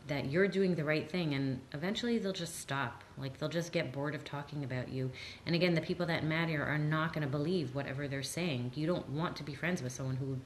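A woman with a low, deep voice answers audience questions as a therapist, earnest and reassuring. She livens up when she acts out what people might say. A soft hum of the room sits faintly behind her. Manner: earnest, reassuring, lively when quoting others. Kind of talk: live Q&A talk.

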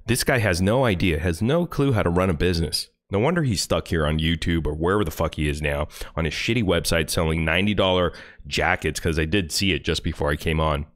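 A man's voice: sits low, brisk. A man hosting a live stream, mocking a clip he is watching with profane, scornful reaction commentary. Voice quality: profane, scornful, rants at the screen.

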